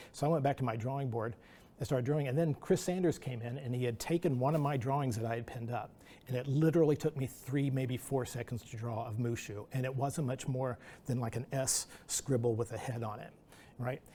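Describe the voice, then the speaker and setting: Mellow-voiced man telling studio stories. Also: mid-range voice, brisk, slight background noise. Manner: rambling anecdotal delivery with restarts and acted-out quotes. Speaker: guest artist. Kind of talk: storytelling at an artist talk.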